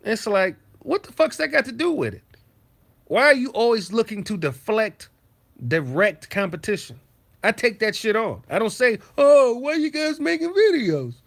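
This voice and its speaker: A man's voice: high-pitched, expressive, moderate pace, gravelly, a bit bright. A man hosting a casual livestream from his home basement, ranting bluntly and profanely. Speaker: streamer host.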